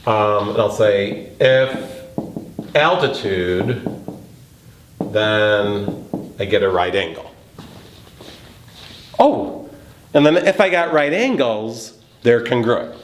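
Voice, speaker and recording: Slow-talking man teaching geometry. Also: on the low side. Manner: thinking aloud, emphatic on key words. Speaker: math teacher. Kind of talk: geometry lesson walkthrough. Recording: echoey room, faint noise.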